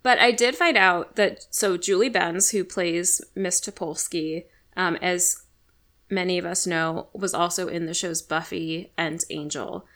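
Bright-voiced sarcastic woman recapping. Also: lowish voice. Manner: animated, sarcastic, acts out characters in quick voices. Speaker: podcast co-host. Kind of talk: casual TV recap chat.

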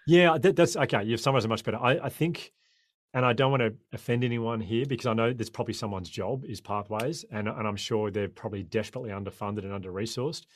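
Fast-talking Australian man, impassioned. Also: fairly low pitch, dry recording. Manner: impassioned, rambling with frequent restarts. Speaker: guest, former cricketer turned sprinter. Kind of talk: podcast conversation.

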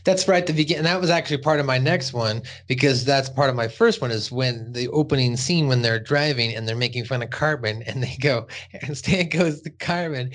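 A man hosting a casual podcast, retelling scenes with lively energy. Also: medium pitch, a little fast. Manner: animated, acts out cartoon voices while retelling scenes. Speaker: podcast host.

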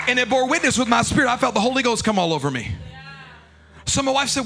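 High bright-voiced preaching pastor. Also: male voice, animated, fast, creaky, faint music behind. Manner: preaching with rising shouts and sung cadences. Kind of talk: sermon. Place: church sanctuary.

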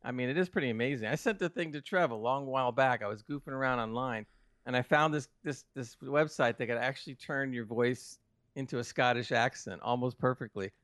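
A man's voice: medium pitch, a little fast, fairly bright tone. A man making his point in casual banter, insistent and passionate, stumbling over repeated words. The sound is dry and close, with no room echo.

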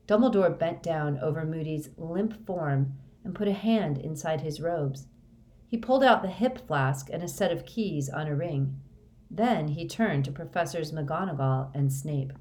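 A woman reading a story aloud as narrator, in a steady, measured way. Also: low voice. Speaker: audiobook reader.

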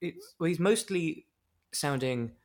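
A man co-hosting a comedy podcast, recapping a show in a wry, deadpan way. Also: on the high side, slow. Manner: wry, deadpan, chatty with digressions. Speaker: podcast co-host.

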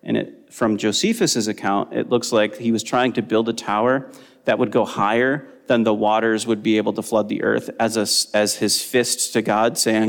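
A man teaching a Bible study lesson, explaining in a relaxed way with frequent ums. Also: on the low side, normal speed, creaky, long reverb tail.

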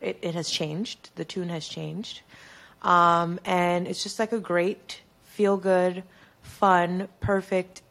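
A woman co-hosting a podcast, chatting casually in a relaxed, joking way. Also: on the low side, slow pace, creaky. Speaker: podcast co-host. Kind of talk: casual chat.

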